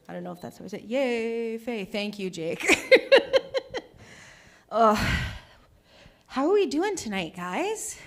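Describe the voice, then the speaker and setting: A woman's voice: a little high, lively intonation, a little slow, gravelly, background noise. A woman doing a stand-up comedy set on a small stage, bubbly and chatty as she talks with the audience. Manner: bubbly, chatty, works the crowd. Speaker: stand-up comic.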